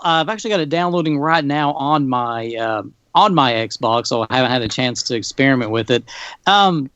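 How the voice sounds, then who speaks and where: A man's voice: a little high, a bit bright, no echo. Laid-back male podcast guest, dull lo-fi line. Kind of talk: casual gaming podcast chat.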